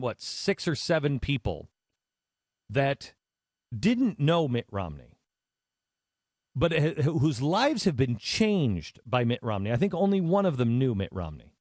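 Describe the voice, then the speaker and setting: A man hosting a talk radio show, telling a story in a conversational, animated way with many restarts. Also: on the high side, no echo, studio quality.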